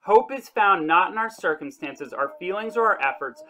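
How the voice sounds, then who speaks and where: A man's voice: sits high, lively intonation, pushed and bright, rough recording. Earnest man teaching a casual Bible devotional. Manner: earnest, conversational, with restarts and slow emphasis. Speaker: church devotional leader. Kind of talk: casual online Bible lesson.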